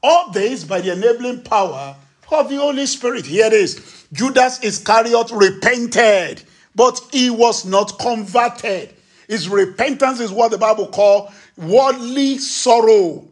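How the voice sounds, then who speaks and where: A man's voice: high voice, lively intonation, a little slow. A male preacher delivering a sermon, emphatic, asking rhetorical questions and acting out quotes.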